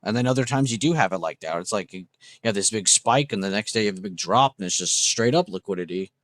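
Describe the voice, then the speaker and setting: A man's voice: fairly low pitch, animated, quick pace, fairly bright tone, no echo. A young man hosting a trading livestream, chatting casually and enthusiastically with viewers, swearing freely. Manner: casual, profane, enthusiastic, reacting to chat.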